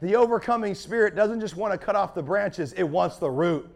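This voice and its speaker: A man's voice: sits high, expressive, a little fast, gravelly. A man preaching a sermon as pastor, fiery and building in intensity.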